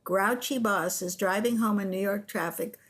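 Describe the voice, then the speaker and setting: Older female guest, animated storyteller on a podcast. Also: medium pitch, normal speed. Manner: animated storyteller who acts out quotes. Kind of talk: storytelling interview.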